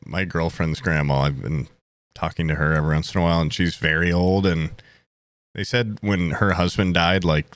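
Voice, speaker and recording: A man co-hosting a podcast in casual chat, a blunt, jokey storyteller who slips into quick voices for quotes. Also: deep voice, steady tone, dry recording. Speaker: podcast co-host.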